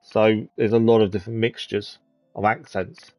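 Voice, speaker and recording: A man's voice: fairly low pitch, little pitch movement, moderate pace, darkish tone, no echo, soft background music. A man from the East of England chatting casually as he plays a game on stream, thinking aloud with plenty of ums. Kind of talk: casual gameplay commentary.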